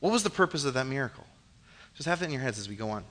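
A young man giving a casual sermon, reading scripture and acting out the scenes in an animated, joking way. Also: mid-range voice, very fast. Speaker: preacher. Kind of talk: casual youth-style sermon with Bible reading.

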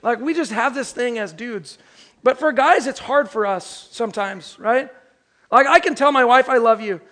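A man in his thirties preaching a Christmas sermon, telling a joke story and then slowing down to stress key phrases. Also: extremely high pitch, bright, forceful tone. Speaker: pastor.

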